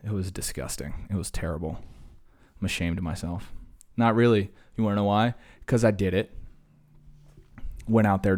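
A man in his thirties with a very low voice hosts a solo podcast. He rambles and mocks himself, and he sounds a little wheezy after a workout. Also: darkish tone. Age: 30s. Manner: rambling, self-mocking, talks to himself. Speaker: podcast host. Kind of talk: casual solo podcast monologue.

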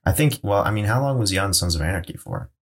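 Low-voiced man rambling in casual chat. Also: fast talker, breathy edge. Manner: rambling, excitable, swears casually. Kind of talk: casual chat about movies.

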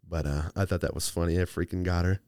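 A man's voice: sits low, steady tone, fast talker, darkish tone, clear, resonant tone, no room sound, clean studio sound. A young man hosting a solo podcast, chatting casually and rambling playfully with lots of restarts. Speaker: podcast host.

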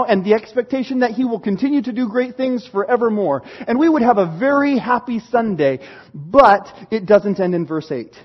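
A man preaching a sermon, telling a story with animated delivery, dramatic slowdowns and hushed asides. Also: extremely high pitch, slightly rough, muffled recording. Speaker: pastor.

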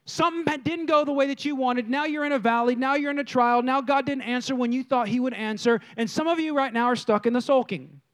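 A man's voice: extremely high pitch, fast talker, hardly any pauses. A man preaching a sermon in church, telling stories and speaking directly to his congregation. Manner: lively storytelling preacher, addresses the congregation directly. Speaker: pastor.

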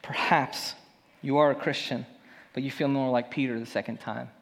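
A male pastor preaching a sermon in a conversational way, swinging between loud emphasis and hushed moments. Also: medium pitch, steady tone, normal speed, creaky, long reverb tail.

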